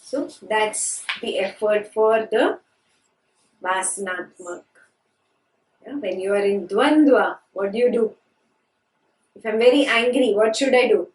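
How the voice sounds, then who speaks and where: A woman's voice: mid-range voice, a little slow, pauses often. A woman teaching a scripture class, asking her students questions and repeating key phrases. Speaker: spiritual teacher. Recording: echoey room from a distance.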